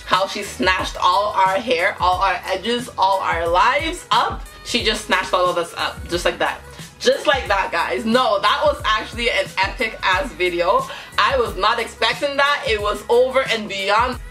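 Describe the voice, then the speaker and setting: A woman hosting a reaction video, excitable and slangy, laughing often as she comments on a music video. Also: mid-range voice, measured pace, poor audio. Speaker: YouTube reaction host.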